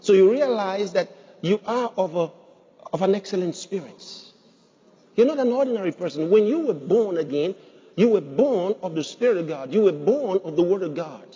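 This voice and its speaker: A man's voice: high-pitched, expressive, moderate pace, mellow, slightly rough. A man preaching a sermon as pastor, emphatic, putting rhetorical questions to his congregation. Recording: dull sound with long hall reverb.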